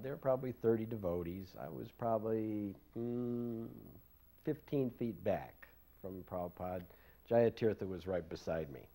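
A man's voice: medium pitch, mellow. An older man casually recalling his past in an interview, rambling and self-deprecating, laughing often. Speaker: devotee recalling memories.

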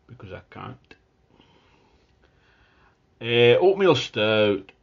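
Man, slow unhurried delivery, chatty beer review, relaxed, dull lo-fi sound. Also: medium pitch. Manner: relaxed, chatty, describes in detail. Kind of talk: casual beer tasting review. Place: at home near his Christmas tree.

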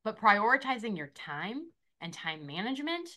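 A woman in her forties speaks as a podcast guest, bubbly and animated, slipping into the voices of people she quotes. Her tone is bright and ringing at a middle pitch. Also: normal speed. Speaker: podcast guest, esthetician and motivational coach. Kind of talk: energetic interview talk.

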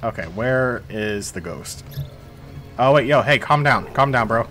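A young man streaming a game, chatting excitedly, yelling at characters and swearing when things go wrong. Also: mid-range voice, measured pace, soft background music. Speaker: gaming streamer. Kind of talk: live gameplay commentary.

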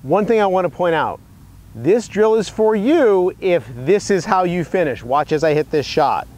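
Brief: male golf instructor, fairly high voice, earnest and chatty, filmed outdoors. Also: animated, moderate pace, darkish tone. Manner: earnest, storytelling, some restarts. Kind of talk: instructional video. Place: outdoor golf practice area.

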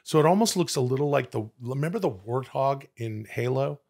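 Gravelly man rambling casually. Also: medium pitch, a little fast. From Canada. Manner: rambling, fillers, bursts of excitement. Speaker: podcast co-host. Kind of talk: casual chat.

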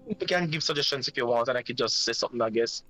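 A man from Jamaica chatting as a podcast guest, hesitating and filling pauses with ums as he hunts for words. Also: mid-range voice, pushed and bright, faint music behind, poor audio. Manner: hesitant, many ums while searching for words. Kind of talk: casual chat, switching through several languages.

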